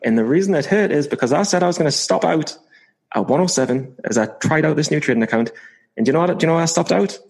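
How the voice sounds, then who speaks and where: A man's voice: fairly high pitch, expressive, quick pace, gravelly, a little mellow, breathy edge, rough recording. A man co-hosting a casual podcast chat, playful and given to mock-dramatic confessions. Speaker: podcast co-host.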